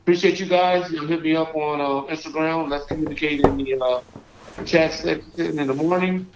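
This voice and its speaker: A man hosting a live call-in stream, chatting casually and reading out shout-outs to viewers. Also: a little high, fairly even intonation, a little fast, very noisy. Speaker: livestream host. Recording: echoey, dull lo-fi stream audio.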